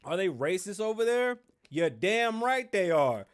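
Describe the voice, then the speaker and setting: A man's voice: high voice, sing-song, measured pace. A man hosting a show, giving brash, rambling commentary full of swearing. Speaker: show host. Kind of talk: profane comedic commentary.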